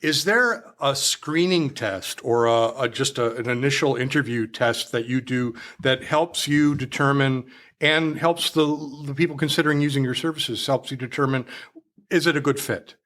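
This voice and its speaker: A man's voice: mid-range voice, moderate pace, a bit bright. A rambling, self-deprecating male podcast host. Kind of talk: conversational interview.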